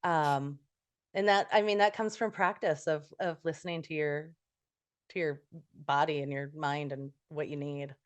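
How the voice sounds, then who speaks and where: Woman host, kinda low voice, thoughtful coach type, explains with everyday analogies. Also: fairly even intonation, moderate pace. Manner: reflective, uses everyday analogies. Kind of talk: casual conversation.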